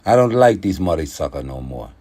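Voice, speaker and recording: A man doing an impression of a wealthy, blunt sheikh who runs boxing promotions. He talks in broken English, pushy and repetitive, and his voice jumps lively up and down in pitch. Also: fairly quick, full character voice.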